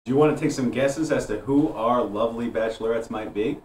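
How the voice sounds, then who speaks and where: Male improv host, brisk, jokey; distant, roomy stage audio with faint ambience. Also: mid-range voice, darkish tone, a little hiss or hum. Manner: brisk, joking, laughing. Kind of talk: improv comedy hosting. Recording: echoey stage from afar.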